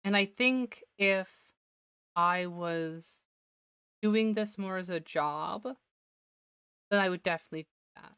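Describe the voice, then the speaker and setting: A woman's voice: on the low side, takes it slowly, pauses often, a bit bright, smooth, dry recording. A woman streamer giving casual gameplay commentary, talking to herself and laughing often, her voice slightly worn. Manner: chatty self-talk, laughs often.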